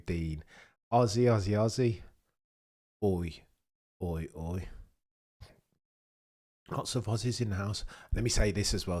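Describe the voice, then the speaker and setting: A British man hosting a live race watchalong, chatting with viewers in a cheeky way and swinging between loud excited bursts and low mutters. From United Kingdom. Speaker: livestream host.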